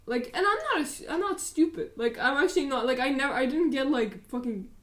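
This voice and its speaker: A young woman from Russia telling stories on a casual podcast. Her voice sits fairly high, and she swears freely and fills every pause with "like.". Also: animated, a bit bright. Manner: swears freely, heavy use of "like". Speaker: podcast co-host. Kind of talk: casual chat.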